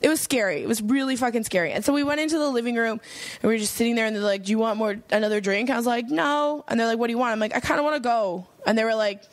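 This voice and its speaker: Young woman podcast guest, candid, rambling delivery, slightly high, dry mic. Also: very fast, dry recording. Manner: candid, rambling, lots of fillers. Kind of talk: casual conversation.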